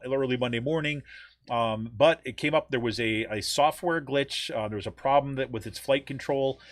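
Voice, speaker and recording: A man's voice: on the low side, a bit bright, no room sound. Rambling American man on a podcast. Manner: rambling, many ums and restarts. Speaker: podcast co-host. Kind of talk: casual news chat.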